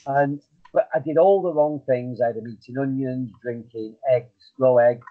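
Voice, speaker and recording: A man's voice: medium pitch, steady tone, moderate pace. A middle-aged man, a hypnotist guest, telling stories in a rambling, self-deprecating way with many fillers. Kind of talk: casual storytelling interview. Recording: tinny phone-like line.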